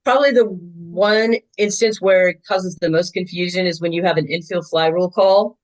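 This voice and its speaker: A woman in her sixties, a veteran softball umpire, telling game stories in a chatty, animated way with lots of fillers. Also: on the low side, normal speed, low-quality recording. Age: 60s. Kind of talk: casual interview storytelling.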